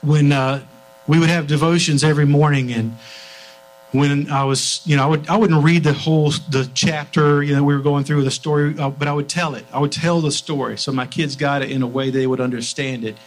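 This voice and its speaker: A man's voice: fairly high pitch, steady tone, brisk, rough recording. A middle-aged man preaching a sermon in a church, telling family stories earnestly and often restarting his sentences. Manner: earnest storytelling, frequent restarts.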